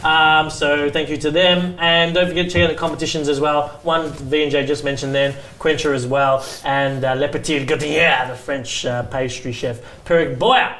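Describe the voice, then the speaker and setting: A man hosting a show, brisk and informal as he thanks sponsors and viewers. His voice is bright and fairly high, and it rings in an echoey room with faint noise behind him. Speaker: show host. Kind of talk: wrapping up a live show.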